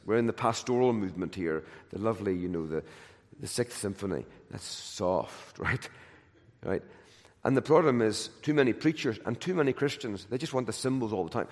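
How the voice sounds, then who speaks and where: A man preaching a sermon with emphatic, repeated phrases, swinging between loud declarations and hushed, gentle lines. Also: fairly low pitch, expressive, a little fast. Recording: long hall reverb.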